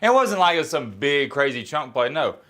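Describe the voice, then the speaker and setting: A man's voice: medium pitch, very animated, fairly quick, fairly bright tone. A man giving a casual, opinionated reaction to a college football game, blunt and self-mocking, often rambling and restarting his sentences. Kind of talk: casual sports reaction rant.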